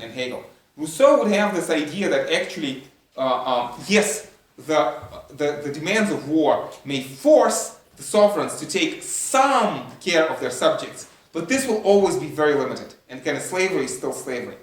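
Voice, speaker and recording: A man's voice: fairly high pitch, distant mic. A man giving a university lecture, thinking aloud with many fillers, restarts and rhetorical questions. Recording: echoey room, voice from afar.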